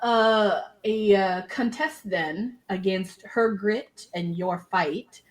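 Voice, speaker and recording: A woman's voice: mid-range voice, slow. A woman narrating a tabletop game as game master, chatty and laughing often.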